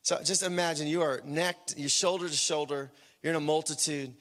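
Male pastor, high voice, long hall reverb; dynamic sermon delivery, shouts down to whispers. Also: fairly even intonation, a little fast. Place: church.

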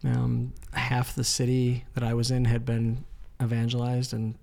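A man, a missionary guest in an interview, telling a lively story with lots of "like" and acted-out quotes. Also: mid-range voice, measured pace, creaky. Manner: animated storyteller, acts out quoted lines, frequent "like".

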